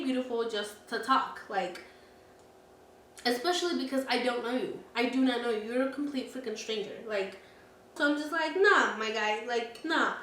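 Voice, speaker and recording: A woman's voice: on the high side, a bit bright, far from the mic, a little hiss or hum. A young woman vlogger telling a story in a candid, chatty way, laughing often and swearing freely. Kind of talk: casual storytime vlog. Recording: echoey room, away from the mic.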